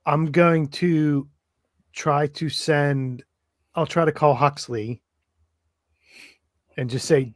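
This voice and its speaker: A man's voice: a little high, fairly even intonation, slow pace, pauses often, no echo, studio quality. A man playing a tabletop game, thinking aloud hesitantly with many restarts. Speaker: player.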